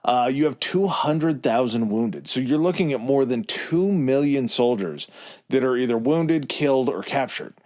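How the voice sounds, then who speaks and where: A man's voice: mid-range voice, lively intonation, moderate pace, a little mellow. A man co-hosting a history podcast, reading off dates and numbers in casual chat with crude jokes and frequent laughter. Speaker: podcast co-host.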